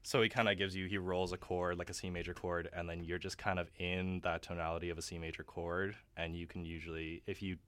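A man's voice: deep voice, level tone, a little fast, few pauses, fairly bright tone, clear, resonant tone. A young man, a guest opera singer, chatting casually in a radio interview, laughing often and using many fillers.

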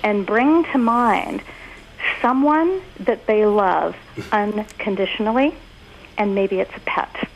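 A woman who is a guest on a podcast, talking casually and telling stories in an expressive, animated way. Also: mid-range voice, gravelly, slight background noise, poor audio. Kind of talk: casual conversational interview.

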